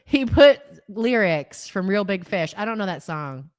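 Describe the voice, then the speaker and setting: A woman's voice: medium pitch, sing-song, a little slow. A woman co-hosting a casual chat show, blunt and heated, swearing freely as she argues her opinions. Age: adult with children. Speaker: co-host.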